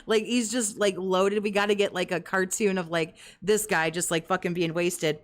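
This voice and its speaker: A woman's voice: mid-range voice, fairly even intonation, moderate pace. A woman co-hosting a podcast, talking in crude casual commentary with constant fillers and frequent laughter. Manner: profane, giggly, lots of "like" fillers. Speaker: podcast co-host.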